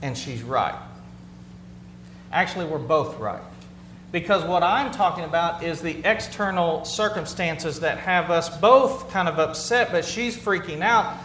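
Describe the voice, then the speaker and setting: A man's voice: fairly high pitch, a little slow, a bit bright. A male pastor giving an earnest, conversational sermon to his congregation, often restarting and repeating phrases as he talks. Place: church sanctuary with a congregation. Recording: roomy hall sound with faint hum.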